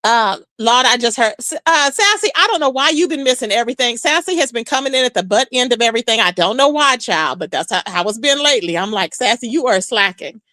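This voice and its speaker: A woman's voice: a little high, fast talker, few pauses, no echo. A woman hosting a live stream, chatting casually with viewers and reacting to comments with lots of "child". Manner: chatty, animated, says "child" often.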